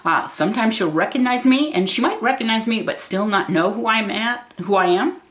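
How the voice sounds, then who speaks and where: A woman's voice: fairly high pitch, brisk, fairly bright tone. A woman in her fifties talking to camera as a vlogger and caregiver, earnest and candid. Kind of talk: casual talk to camera.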